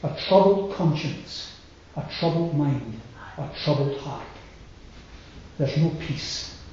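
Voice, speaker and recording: A man preaching a sermon earnestly, building emphatic lists and dropping quiet on key lines. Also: fairly high pitch, animated, takes it slowly. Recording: echoey room with faint noise, dull sound.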